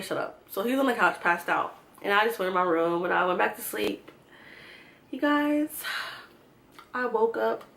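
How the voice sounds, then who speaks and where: A young woman telling a storytime vlog, animated and swearing freely as she acts out what people said. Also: on the high side, echoey room. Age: young adult. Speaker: vlogger.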